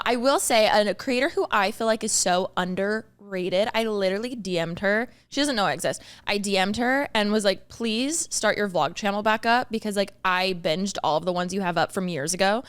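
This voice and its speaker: A woman's voice: mid-range voice, smooth. A young woman co-hosting a podcast, chatting casually and animatedly, full of "like" fillers. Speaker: podcast co-host. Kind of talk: casual chat.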